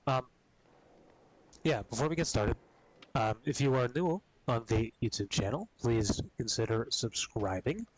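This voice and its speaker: A man streaming games, chatting casually and rambling with a lot of swearing, coughing and clearing his throat often. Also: mid-range voice, expressive, unhurried, rough recording. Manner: profane, rambling, laid-back. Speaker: gaming streamer.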